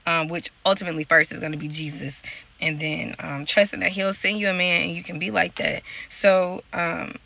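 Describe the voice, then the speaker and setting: A woman's voice: on the low side, level tone, normal speed, creaky, pushed and bright. A woman, talking casually to her viewers about faith and relationships. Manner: talks in a loose, conversational way, addressing viewers directly. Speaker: prophetic dreamer and life coach. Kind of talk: casual spiritual vlog talk.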